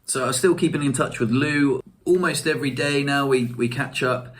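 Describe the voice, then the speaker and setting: A man's voice: medium pitch, normal speed, a bit bright, slight background noise. A young man telling stories in a casual vlog, chatty and self-mocking, laughing often. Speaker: vlogger.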